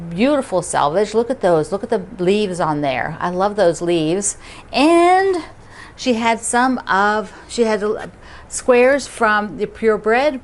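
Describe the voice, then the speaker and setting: A woman hosting a quilting video, chatting casually to her viewers, gushing and laughing often. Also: mid-range voice. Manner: chatty, giggly, lots of gushing.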